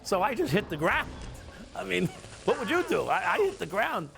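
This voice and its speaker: Gravelly ex-cop. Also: male voice, high voice, very animated, moderate pace, a bit bright. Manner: blunt, profane, confessional. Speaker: former police officer. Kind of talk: candid storytelling. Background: music playing.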